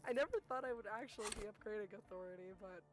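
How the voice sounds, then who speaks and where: A young woman streaming a game, chatting casually and excitedly, laughing often and swearing. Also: mid-range voice, very fast, over music. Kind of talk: casual let's-play commentary.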